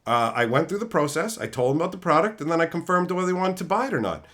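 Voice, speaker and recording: A streamer host with a slightly high voice talks rapid-fire, casually ranting through profane stories about his old jobs. He's animated and mimics coworkers' quotes as he goes.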